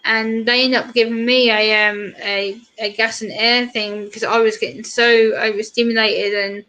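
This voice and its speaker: Woman with a slightly high voice. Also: little pitch movement, moderate pace, bright, forceful tone. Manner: anecdotal, greets viewers by name. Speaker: livestream co-host. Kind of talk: casual chat.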